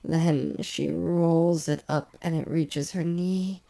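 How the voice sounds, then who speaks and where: A woman with a soft, lingering, sensual delivery, telling a hypnotic story in the second person. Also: low-pitched, fairly even intonation, slow, vocal fry, dry recording. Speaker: narrator.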